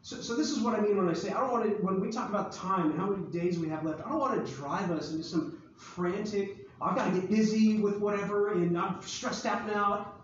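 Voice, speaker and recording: Pastor, male, high voice, casual jokey sermon delivery, distant mic in a booming room. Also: brisk, few pauses, slight background noise. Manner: joking, conversational, acts out Bible scenes. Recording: far-off echoey hall, dull sound.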